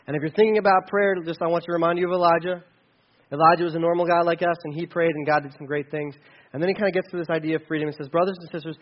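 A man preaching a sermon, conversational, with sudden rises and quiet drops. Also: on the high side, very fast, highs cut off. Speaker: pastor.

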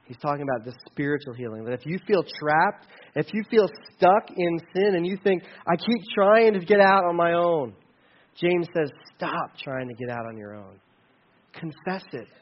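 High-voiced pastor preaching conversationally. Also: male voice, highs cut off. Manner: conversational preaching with dynamic rises and drops. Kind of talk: sermon.

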